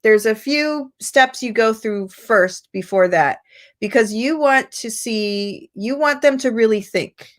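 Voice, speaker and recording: An American woman teacher trainer giving an online lecture, patient and explanatory, her pitch jumping up when she acts out prompts. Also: slow. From United States.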